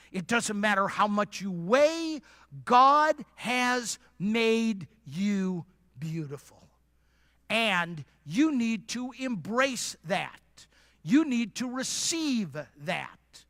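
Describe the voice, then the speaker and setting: A man's voice: sits high, very animated, slow pace, bright, forceful tone, no echo. A man preaching at a church conference, speaking emphatically and directly and repeating lines for emphasis. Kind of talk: preaching sermon.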